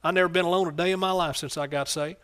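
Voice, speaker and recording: Fervent preacher man, raised pitch. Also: fairly even intonation, rapid-fire, smooth. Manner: fervent, calls out for amens, swings between soft asides and loud bursts. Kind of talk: sermon.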